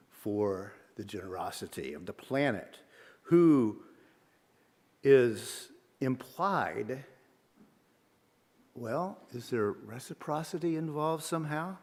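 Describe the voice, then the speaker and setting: A male minister giving a sermon in a measured, reflective way, posing questions to the congregation. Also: mid-range voice, big pitch swings, darkish tone. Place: church sanctuary. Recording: long reverb of a large sanctuary.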